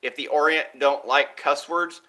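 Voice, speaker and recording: A man with a high, bright voice delivers a rambling monologue to his viewers. He swears freely and lurches between topics, his pitch and loudness rising and falling sharply from one phrase to the next. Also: fairly even intonation, unhurried. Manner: erratic, profane and rambling, with big swings in pitch and loudness. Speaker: vlogger.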